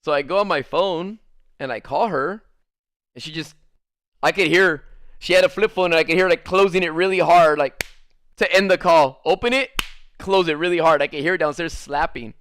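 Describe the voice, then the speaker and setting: A young man with a fairly high voice spins a rambling personal story while gaming, leaning on "like" at every turn. He acts out the people in the tale with lively delivery. The recording is close and dry, with no room sound. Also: normal speed, no room sound. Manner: rambling, filler-heavy, many "like"s. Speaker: streamer.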